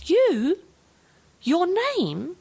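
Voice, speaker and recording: A woman voicing a middle-aged neighbour wife with an overbright, high manner. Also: huge pitch swings, drawn-out words, creaky, warm tone, heavily acted. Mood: puzzled.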